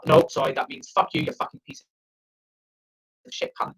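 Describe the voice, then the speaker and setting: A man's voice: normal speed, fairly bright tone, rough recording. A young man from South Africa doing profane, rambling stand-up from a friend's house over a video call. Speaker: stand-up comedian. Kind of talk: online open-mic stand-up.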